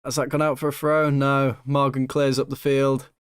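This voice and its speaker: A young man commentating his own football management game, excitable and swinging between nervous hush and loud joy, swearing now and then. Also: medium pitch, moderate pace, clear, resonant tone, no echo, studio quality. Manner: excitable, swings from hushed nerves to shouting joy. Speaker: gaming YouTuber.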